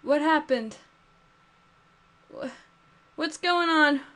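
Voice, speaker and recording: A woman's voice: high-pitched, extremely slow. A woman playing a horror game and reacting aloud, jumpy and frightened, talking to what she sees. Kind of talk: let's play commentary. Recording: loud game music behind.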